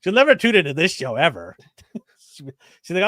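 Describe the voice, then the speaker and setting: Animated man telling stories, dry sound. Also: fairly high pitch, fairly quick, dry recording. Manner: animated storyteller, acts out quotes, laughs often. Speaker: co-host of a toy and anime show. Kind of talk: casual chat.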